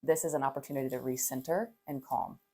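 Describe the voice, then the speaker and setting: Low-voiced woman counselor telling parenting stories. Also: fast, slightly rough. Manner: animated storytelling, acts out soft calm parent voice, laughs often. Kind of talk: podcast conversation.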